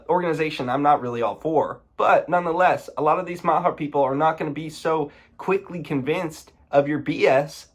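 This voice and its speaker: A man giving casual commentary, sarcastic and indignant, often breaking into exasperated outbursts. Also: on the high side.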